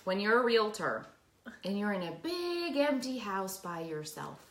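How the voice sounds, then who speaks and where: A woman telling stories in casual chat, acting out each scene with a lively voice that swoops up and down. Her tone is bright and sharp, and the room adds a noticeable echo. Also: mid-range voice, unhurried. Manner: animated storyteller, acts out scenes. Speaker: podcast co-host.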